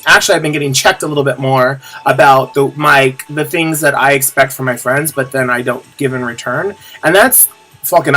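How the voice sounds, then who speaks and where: A young man with a fairly high, bright, forceful voice rambles candidly to his viewers in a casual confessional vlog. He circles back on himself with fillers and restarts and swears offhandedly. Soft music sits quietly behind him. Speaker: vlogger.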